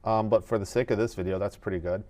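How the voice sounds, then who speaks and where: A man teaching animation in a screen-recorded tutorial, explaining each step in a methodical, relaxed way. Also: lowish voice, fast talker.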